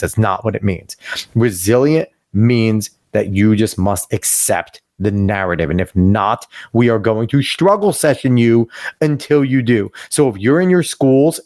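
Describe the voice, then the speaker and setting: A man's voice: on the low side, mellow, no echo, studio quality. A man co-hosting a podcast over a video call, ranting emphatically with profanity and sudden rising outbursts. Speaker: podcast co-host. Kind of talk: casual opinion podcast chat.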